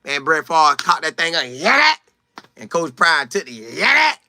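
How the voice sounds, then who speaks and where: Excitable man hosting a live sports chat. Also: a little high, normal speed, no room sound. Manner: animated, excitable, reads viewer names and answers them; repeats phrases for emphasis, acts out quotes. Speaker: sports talk show host. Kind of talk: live stream reacting to chat comments.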